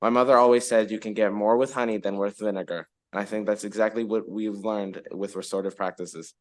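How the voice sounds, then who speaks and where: A man's voice: fairly low pitch, fairly even intonation, a little fast. A fourteen-year-old boy reading prepared testimony to a legislative committee, with careful reading and small restarts. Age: teens. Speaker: student witness.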